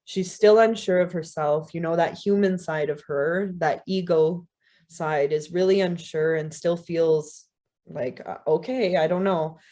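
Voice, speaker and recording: A woman's voice: low-pitched, fairly even intonation, measured pace, mellow. A woman guest speaker telling a story during a talk, casual and conversational with frequent "you know"s and light laughs.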